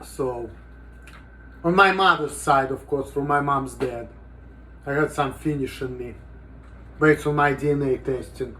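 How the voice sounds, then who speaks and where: A man's voice: medium pitch, a little slow, long pauses, bright, forceful tone, a little hiss or hum. A man talking casually in a rambling, profane vlog monologue, with "you know" in almost every sentence. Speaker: vlogger.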